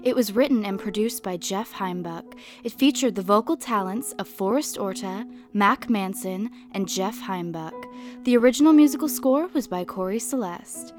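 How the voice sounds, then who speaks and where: A woman announcing a podcast's end credits in a brisk, scripted reading. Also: mid-range voice, over music.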